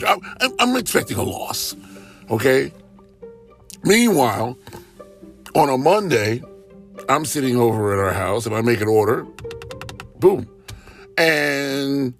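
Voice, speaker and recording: A man's voice: on the high side, vocal fry. A man in a casual, rambling monologue, animatedly telling everyday stories and acting out what others said. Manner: animated, rambling, acts out quotes. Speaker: storyteller.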